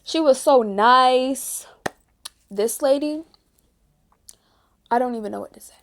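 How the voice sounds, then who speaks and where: A woman's voice: high voice, slow pace, slight background noise. A 16-year-old girl vlogger chatting casually and ranting, with lots of "like". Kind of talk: casual chat.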